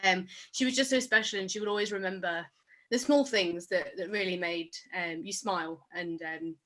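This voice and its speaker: A woman sharing a fond memory on a video call, chatty and quick to laugh. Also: lowish voice, steady tone. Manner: chatty and warm, breaks into laughter. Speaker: church member sharing a memory.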